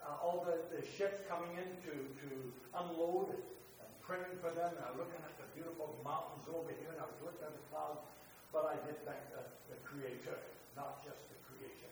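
A man giving an informal Bible sermon, rambling and repeating his words, with little chuckles to himself. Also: a little high. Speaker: preacher. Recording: distant mic in an echoey room with hum.

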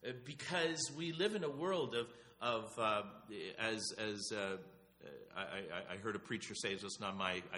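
A man's voice: medium pitch, a bit bright. A man preaching a sermon to his church in a conversational way, often repeating words and restarting sentences. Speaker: pastor.

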